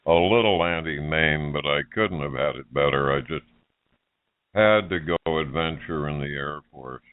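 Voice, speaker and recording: Deep-voiced man on a phone line. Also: moderate pace. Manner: conversational, curious. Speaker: co-host. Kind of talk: casual phone interview.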